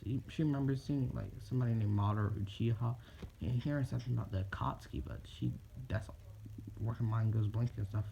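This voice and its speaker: A man's voice: mid-range voice, fast, gravelly, warm tone. A man casually telling an improvised fan story, rambling and swearing. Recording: dull lo-fi recording with faint noise.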